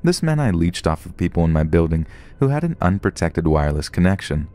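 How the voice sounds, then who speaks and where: A man's voice: sits low, very animated, a little fast, dark tone. A man narrating true horror stories in a scripted storytelling way. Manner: storytelling, puts on short voices for quoted people.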